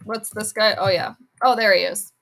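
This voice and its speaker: Reacting to comments from viewers, she giggles and chats her way through a casual sports-and-astrology livestream, filling gaps with lots of fillers. Her medium-pitched voice is steady, a bit bright and creaky, at a moderate pace.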